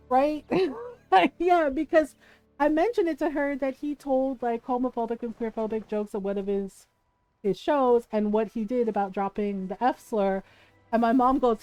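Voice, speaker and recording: Animated high-voiced woman streamer. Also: measured pace, no room sound, faint music behind. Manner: animated, laughing, swears freely. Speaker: game streamer. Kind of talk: casual chat while playing a life-sim game.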